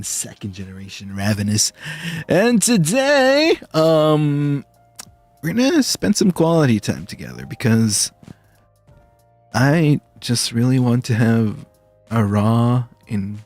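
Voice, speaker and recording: A young man streams as a dinosaur-boy persona, talking to his viewers in an unhurried, affectionate ramble. He often breaks into high excited shouts. His voice sounds dry and close, with faint music playing underneath. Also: dry recording. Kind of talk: casual chat to stream viewers.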